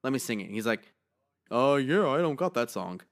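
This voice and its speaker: A man co-hosting a podcast in casual chat, slightly hoarse, telling stories with lots of swearing and laughter. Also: medium pitch, moderate pace. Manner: animated storytelling, swears freely, laughs a lot. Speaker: podcast co-host.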